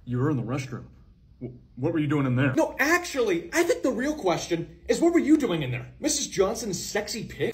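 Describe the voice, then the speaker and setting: A young man performing one-man comedy sketches, switching between sarcastic, shouting and soft-spoken characters. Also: sits high, wildly swooping pitch, brisk.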